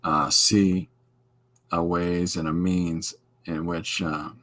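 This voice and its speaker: Slow and level, a low, fairly bright voice belongs to a middle-aged man from Canada who hosts a podcast and draws as he talks. The artist's casual rambling wanders and digresses, with many restarts along the way.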